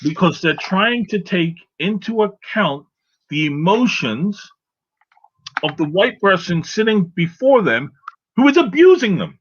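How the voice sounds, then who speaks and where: A man's voice: sits high, big pitch swings, unhurried, husky. A man co-hosting a casual opinion chat, emphatic, often checking in with "right?". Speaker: podcast co-host. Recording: dull lo-fi sound.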